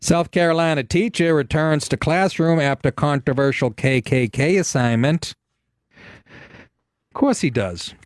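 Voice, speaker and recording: A man hosting a talk radio show, ranting and telling stories in a profane, animated way from a studio. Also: on the high side, unhurried, dry recording. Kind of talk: casual talk radio monologue.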